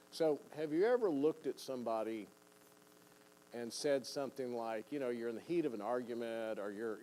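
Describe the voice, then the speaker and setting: A man's voice: medium pitch, warm tone, a little hiss or hum, rough recording. An older man preaching a conversational sermon in a church, folksy and plain-spoken, often repeating words and acting out what people say. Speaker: pastor teaching a seminar.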